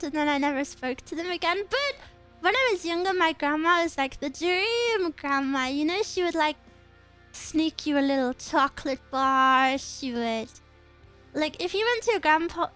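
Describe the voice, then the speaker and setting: A young woman with a high voice chats loosely on her stream, drifting from one thought to the next and laughing as she goes. Quiet background music plays faintly under her. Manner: chatty, rambling, giggly. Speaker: VTuber streamer. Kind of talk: casual chat stream.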